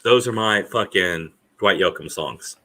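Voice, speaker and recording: Blunt swearing man with a bright voice. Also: low voice, a little slow, low-quality recording. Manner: blunt, crude, dark humor, heavy swearing. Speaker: podcast guest. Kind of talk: casual chat.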